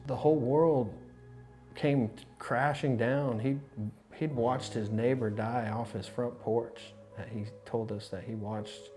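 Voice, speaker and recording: A man, an insurance adjuster, telling his story for a documentary in a conversational, animated way with many restarts. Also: mid-range voice, measured pace. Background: music.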